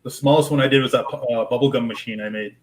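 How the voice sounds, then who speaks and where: A man talking in a relaxed, slightly boastful way in a casual aquarium chat. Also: mid-range voice, quick pace, rough recording. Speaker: aquarium hobbyist co-host.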